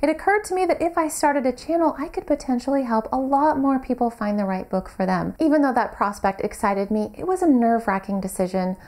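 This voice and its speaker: A woman's voice: fairly high pitch, animated, brisk, hardly any pauses, a little mellow. A young adult woman vlogging about books, speaking earnestly and articulately to her viewers. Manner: earnest, articulate, self-critical in bloopers. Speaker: book vlogger. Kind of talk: scripted vlog address then outtakes.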